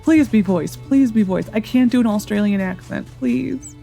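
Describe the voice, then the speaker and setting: A chatty woman giving casual let's-play commentary in a fairly high voice, rambling and laughing often. Faint game music runs behind her. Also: normal speed, gravelly, warm tone. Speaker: gaming video host.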